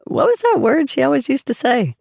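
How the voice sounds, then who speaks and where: A kind young society lady, as a gravelly woman narrator puts her on. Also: high-pitched, very animated, a little fast, a little mellow, no room sound, lo-fi sound, pitched above the performer's own voice, full character voice. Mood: fond.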